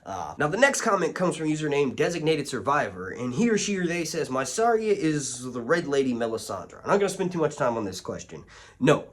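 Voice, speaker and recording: A man talks straight to his viewers in a loose, rambling review, often doubling back and restarting his sentences. His voice sits a little high and swings up and down with lively energy. He sounds like a regular host chatting from home. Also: fast talker. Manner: rambling, restarts and tangents, animated. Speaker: video reviewer. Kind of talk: casual commentary to camera.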